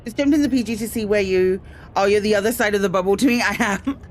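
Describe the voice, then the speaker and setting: Here the British woman is a fast talker with a medium pitch, soft background music playing. She streams a space game and chats loosely with her audience, greeting people in bursts amid frequent ums and self-deprecating remarks.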